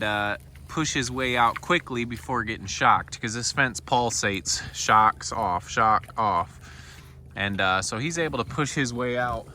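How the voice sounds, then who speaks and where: A man's voice: medium pitch, sharp tone. A man who runs a small farm, casually narrating a vlog while walking his wooded pasture and chatting to his animals. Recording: outdoor ambience with clear background noise.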